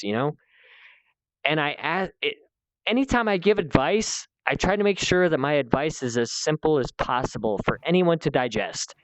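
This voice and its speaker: A man's voice: a little high, animated, moderate pace, poor audio. A man hosting a heated one-on-one conversation, lecturing in a repetitive, escalating way and swearing now and then. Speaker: channel host.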